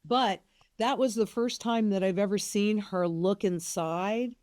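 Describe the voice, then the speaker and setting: A woman's voice: medium pitch, a little slow, darkish tone, no room sound, studio quality. An older woman hosting an interview, talking in an emphatic, chatty way about family. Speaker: interview host. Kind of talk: casual interview conversation.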